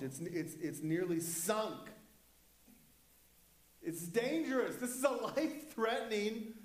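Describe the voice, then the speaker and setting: A man's voice: on the high side, a little mellow, echoey room. A male pastor preaching a sermon in an impassioned, emphatic way. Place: church.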